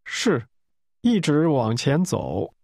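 A man speaking as the model voice in a language course, phrasing each sentence slowly and carefully. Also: fairly high pitch, big pitch swings, gravelly, a little mellow, dry recording, studio quality. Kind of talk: slow model pronunciation for repetition.

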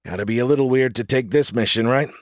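A man voicing a calm, practical male military leader in an audiobook, speaking in a measured way. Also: mid-range voice, no room sound, studio quality, natural voice. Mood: steady.

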